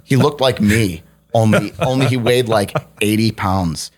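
A man's voice: lowish voice, measured pace. A man telling wild anecdotes in casual chat, swearing and laughing as he goes. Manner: profane, laughing, animated anecdotes. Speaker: podcast guest storyteller.

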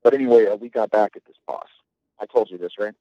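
A man's voice: on the low side, fast, no room sound, lo-fi sound. A man telling rambling, profane stories about his navy days in a casual podcast chat, often restarting his sentences. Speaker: guest, navy veteran.

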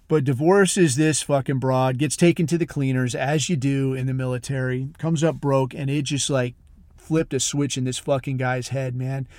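This man, a podcast host out of the special operations military world, rambles through a long tale, speaking bluntly and profanely with plenty of fillers. His voice is mid-range and a little mellow, with no echo.

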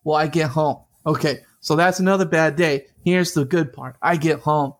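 A man and interview guest, telling a personal story in an animated way, often laughing and acting out the voices of others. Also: a little high, normal speed. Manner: lively, laughing, acts out quoted voices.

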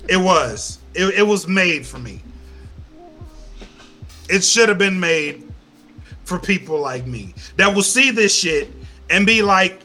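A man hosting a casual podcast, ranting loudly with heavy swearing. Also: high-pitched, lively intonation, a little slow, pauses often, faint music behind. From Louisiana. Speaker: podcast host. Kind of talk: casual chat.

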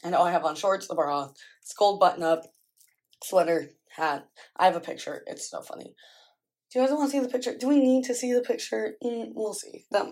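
A woman's voice: mid-range voice, brisk, a little mellow. A woman telling a story casually and rambling, with many filler words, in a storytime vlog. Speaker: vlogger.

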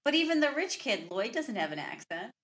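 A woman's voice: a little high, very animated, brisk, a bit bright. A woman co-hosting a movie podcast, easygoing and agreeable in casual chat, laughing along. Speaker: podcast co-host.

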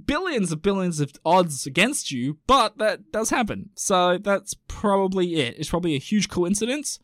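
A man's voice: sits high, big pitch swings, normal speed, a bit bright, no room sound, clean studio sound. A man hosting a podcast in a rambling, chatty way, reading out listener messages. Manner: rambling and chatty, full of fillers and asides. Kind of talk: casual chat.

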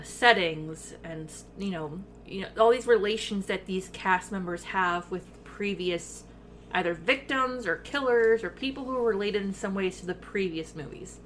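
Animated swearing woman podcaster. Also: mid-range voice, a little hiss or hum. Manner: animated, swears freely, many fillers. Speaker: podcast co-host. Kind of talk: casual chat.

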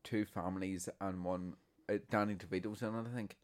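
A man's voice: low voice, fairly even intonation, fairly quick, clear, resonant tone. A young man co-hosting a casual podcast, blunt and swearing heavily. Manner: blunt, heavy swearing, storytelling. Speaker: podcast co-host. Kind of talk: casual chat.

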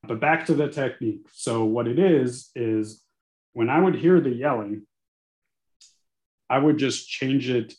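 A man in his forties with a medium pitch talks candidly and earnestly as a podcast guest, growing animated and occasionally cursing. His voice bounces around a roomy, echoey space. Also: a little slow, long pauses. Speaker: guest, attorney. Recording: echoey room.

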